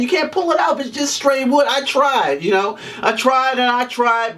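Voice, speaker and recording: A man's voice: high voice, a bit bright, recorded from a distance. A man giving a casual, comedic movie review, joking and swearing as he rants. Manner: profane, joking rant with frequent laughs.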